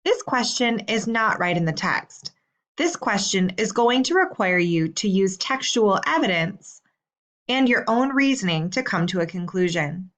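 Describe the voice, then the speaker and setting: A woman teacher reading out homework questions in a slow, clear, deliberate way. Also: medium pitch, animated, a bit bright. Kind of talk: recorded assignment instructions.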